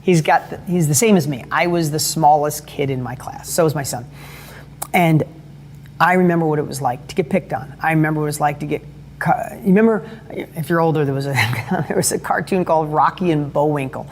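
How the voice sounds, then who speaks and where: High-voiced middle-aged man telling stories. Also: brisk, slight background noise. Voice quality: high-pitched voice. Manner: animated, earnest, restarts and self-corrections. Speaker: motivational speaker. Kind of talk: motivational talk with storytelling.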